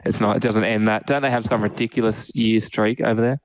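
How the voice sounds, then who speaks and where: A man's voice: fairly low pitch, steady tone, brisk, dry recording. A young man co-hosting a casual podcast, rambling and laughing often, with the odd swear word. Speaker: podcast co-host. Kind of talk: casual chat.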